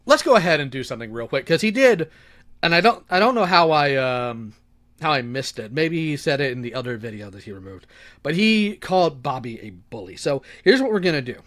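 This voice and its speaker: A man's voice: on the high side, brisk. A man giving casual, sarcastic commentary as a YouTuber, talking while he clicks through files. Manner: sarcastic, lively, talks while working the computer.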